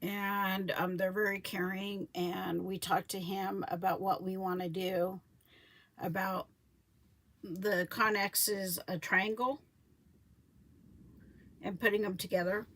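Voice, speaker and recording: A woman's voice: medium pitch, takes it slowly, long pauses. A woman, chatting casually on a live stream about her homestead, rambling and correcting herself as she goes. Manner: rambling, self-correcting, quotes others in lively voices. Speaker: homesteading vlogger.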